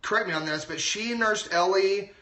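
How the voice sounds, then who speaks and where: Excited chatty man, bright voice. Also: sits high, normal speed, echoey room. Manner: excited, chatty, lots of asides. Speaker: doctor giving health advice. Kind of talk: casual livestream talk.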